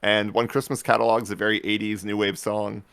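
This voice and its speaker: A man with a fairly low, clean voice co-hosts a laid-back podcast. He rambles along in an animated way and breaks into laughs. The sound is close and dry. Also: a little fast, creaky, clean tone, no room sound. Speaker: podcast co-host. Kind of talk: casual chat.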